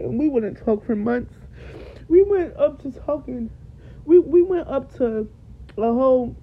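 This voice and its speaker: Husky and high-pitched, this young woman speaks a bit slowly but with lively intonation as she hosts her podcast. Tearfully recounting her own experience, she repeats herself for emphasis, captured in a dull lo-fi recording.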